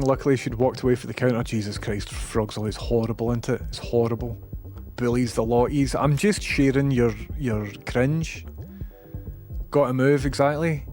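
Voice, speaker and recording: A man's voice: mid-range voice, a little mellow. A man with a Scottish accent chatting casually on a livestream, rambling, sweary and self-deprecating.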